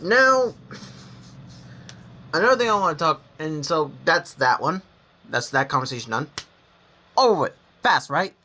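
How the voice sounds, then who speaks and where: Unhurried and animated, this medium-pitched, pushed, bright voice leaves long pauses. The young adult gaming vlogger tells candid personal stories to the camera in a blunt, rambling way, full of restarts, self-corrections and casual cursing.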